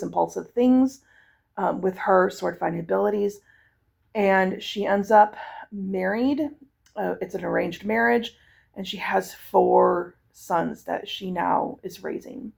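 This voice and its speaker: Woman, young adult, enthusiastic book reviewer; slow, easy delivery with heavy vocal fry. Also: medium pitch, darkish tone. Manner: enthusiastic, chatty, frequent fillers. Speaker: book vlogger. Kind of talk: casual book review chat.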